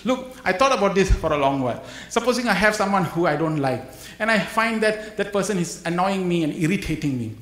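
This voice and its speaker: A man giving an animated spiritual talk to a live audience, acting out little scenes and chuckling often. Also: high voice, a little fast. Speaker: guest speaker at a spiritual gathering. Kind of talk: spiritual talk with humorous anecdotes. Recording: roomy hall echo.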